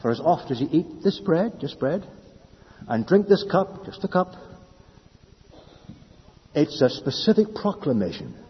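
A man preaching a sermon, swinging between loud declarations and hushed speech. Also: fairly high pitch, big pitch swings, unhurried, pauses often. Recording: lo-fi with long hall reverb.

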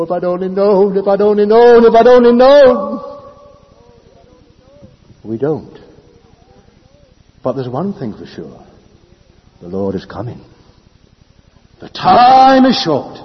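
A man preaching a sermon, swinging between loud declarations and hushed speech. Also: medium pitch. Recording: lo-fi with long hall reverb.

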